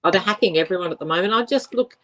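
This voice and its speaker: A woman's voice: mid-range voice, rapid-fire, a bit bright. An Australian woman co-hosting a casual chat show, speaking in an earnest, emphatic way as she warns listeners. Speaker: co-host, medium.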